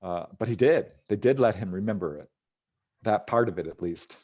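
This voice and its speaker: A man's voice: lowish voice, animated, moderate pace, darkish tone, husky. A man, a ufologist guest on an interview show, casually retelling encounter stories, often chuckling and using fillers.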